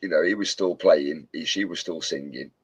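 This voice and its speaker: A man's voice: rumbling low, normal speed, husky, no echo. A British man in casual chat with friends, a jokey storyteller who keeps quoting comedy films. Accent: British English. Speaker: co-host chatting while model making.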